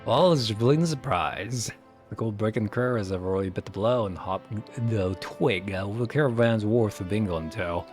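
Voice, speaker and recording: Man putting on a gruff pirate rogue boss, slang-heavy drawl, slightly low, for a game reading. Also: moderate pace, faint music behind, close to an everyday voice. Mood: urgent. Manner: thick thieves' slang, drawling. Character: gruff male pirate guild leader, cocky.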